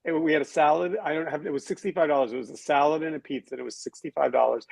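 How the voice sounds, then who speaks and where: Gravelly wry man hosting. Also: a little high, fairly even intonation, very fast, few pauses, darkish tone, no room sound, poor audio. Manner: wry, sarcastic, thinks aloud with restarts. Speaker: podcast host. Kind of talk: casual panel discussion.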